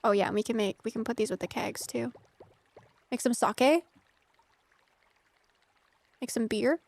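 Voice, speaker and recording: A woman's voice: fairly high pitch, measured pace, vocal fry, a little mellow, no room sound. A young woman from the United States chatting casually with her viewers while streaming a game, giggly and full of filler words. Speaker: streamer playing a farming game.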